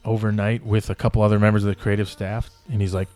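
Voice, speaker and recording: A man's voice: fairly low pitch, flat delivery, fast, hardly any pauses, warm tone, soft background music. A man in his fifties telling stories as a podcast guest, rambling and swearing casually. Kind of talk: casual storytelling in a podcast interview.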